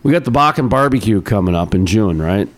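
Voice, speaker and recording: A man's voice: fairly low pitch, expressive, brisk. A man hosting a talk radio show, chatting casually, cracking puns and rambling with fillers. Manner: joking, punning, rambling with fillers.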